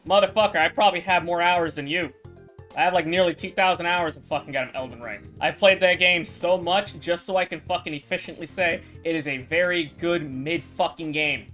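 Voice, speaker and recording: A woman's voice: lowish voice, a little fast, a bit bright, faint music behind. A woman streamer in casual chat with her viewers, swearing, rambling and laughing often.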